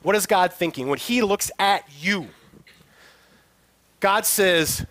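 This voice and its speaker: High-voiced earnest male pastor preaching. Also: slow pace, long pauses, a bit bright, no echo. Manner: earnest, emphatic preaching with rhetorical questions. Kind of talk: sermon.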